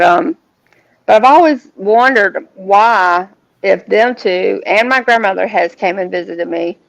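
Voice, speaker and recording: Gravelly woman telling a personal story. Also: mid-range voice. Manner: earnest, halting, with many restarts. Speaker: guest. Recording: dull lo-fi sound.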